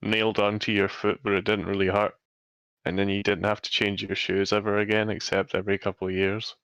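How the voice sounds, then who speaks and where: A man with a low but bright, sharp voice chats during a movie watch-along. He drops dry, thoughtful remarks. The sound is dry and close. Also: level tone, fairly quick, clear, resonant tone, no echo. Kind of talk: casual chat over a movie.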